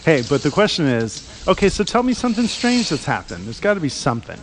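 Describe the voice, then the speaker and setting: A man's voice: fairly high pitch, sing-song, quick pace, background noise. A man hosting a radio show, chatting loosely in the studio, rambling and laughing as he asks questions. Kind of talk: casual studio chat.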